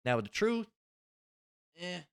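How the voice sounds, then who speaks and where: A man's voice: high voice, very animated, unhurried, fairly bright tone, clear, resonant tone, dry recording, clean studio sound. A man giving a casual religious lesson, talking in a rambling, profane, conversational way. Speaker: religious teacher. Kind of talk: casual spoken scripture lesson.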